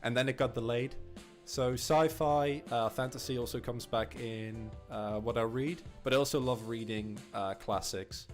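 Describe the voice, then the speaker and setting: A man's voice: mid-range voice, fairly even intonation, moderate pace, few pauses, faint music behind. A man being interviewed as an incoming caster, talking casually with frequent restarts and chuckles. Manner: stumbling restarts, chuckles often.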